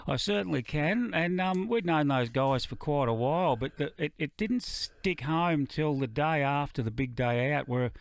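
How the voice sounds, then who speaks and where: A man's voice: a little high, moderate pace, gravelly, few pauses, no room sound. A middle-aged Australian man, a musician guest, telling dry, laconic stories in a casual radio interview. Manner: laconic, dry yarn-spinning.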